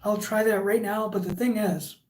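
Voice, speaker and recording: A woman's voice: mid-range voice, fairly even intonation, moderate pace, noisy background. A woman hosting a casual livestream, reading viewer comments aloud and chatting in a rambling way. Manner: chatty and rambling, with frequent fillers. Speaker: livestream host.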